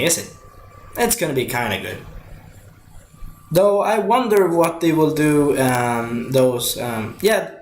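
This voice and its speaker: A man casually reviewing a movie, rambling with many fillers and restarts. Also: medium pitch. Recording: echoey room with faint noise.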